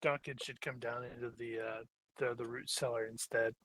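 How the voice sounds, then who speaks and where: A man's voice: mid-range voice, little pitch movement, moderate pace, fairly bright tone, no echo, poor audio. A man playing a tabletop game, chatty and joking with the table. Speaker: player.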